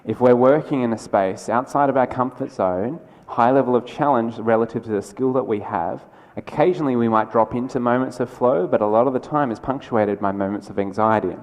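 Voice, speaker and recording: A man delivers a conference keynote in a chatty, energetic way, with quick asides and restarts. His voice sits at a middle pitch. The sound carries the long reverb of a large lecture hall. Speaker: keynote speaker.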